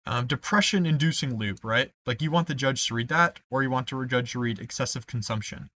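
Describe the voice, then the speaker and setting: A man's voice: mid-range voice, fairly quick, pushed and bright. A young man teaching debate card formatting in a screen-share tutorial, explaining step by step with frequent ums and asides of "right?". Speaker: debate coach.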